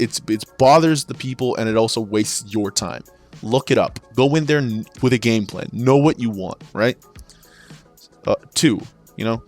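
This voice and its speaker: A man ranting about his years working in sales, exasperated and swearing as he rambles through stories and restarts. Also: mid-range voice. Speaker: former sales associate. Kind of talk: profane ranting monologue.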